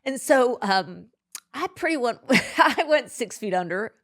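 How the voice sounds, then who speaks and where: A middle-aged woman, a podcast guest, speaking haltingly and emotionally in an interview, with many restarts. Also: on the high side, expressive.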